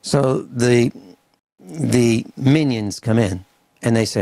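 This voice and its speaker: A man hosting a radio talk show, ranting in an animated, grumbling way and acting out little mock dialogues. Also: mid-range voice, slow pace, gravelly, no echo. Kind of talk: opinionated radio talk and rant. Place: home studio on a farm. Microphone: studio microphone.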